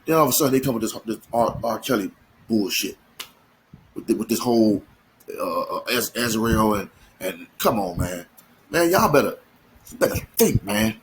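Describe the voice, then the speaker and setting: A man's voice: lowish voice, animated, moderate pace, a little hiss or hum, low-quality recording. A man giving an emphatic, slangy commentary monologue, full of repeats and restarts. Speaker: commentary channel host.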